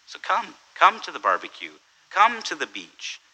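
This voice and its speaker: A man with a very bright, forceful voice delivers a sermon in a relaxed, chatty manner. He repeats words, corrects himself mid-sentence and keeps asking the listeners "right?". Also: high-pitched, normal speed, breathy edge, low-quality recording. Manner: conversational, self-correcting, tells jokes with quoted voices. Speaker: pastor. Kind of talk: sermon with humorous story.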